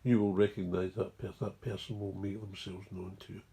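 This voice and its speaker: A man's voice: low-pitched, little pitch movement, fairly quick, warm tone, husky. A Scottish man, mumbling and digressive, explaining a recovery program in a rambling way. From Scotland. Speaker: recovery speaker.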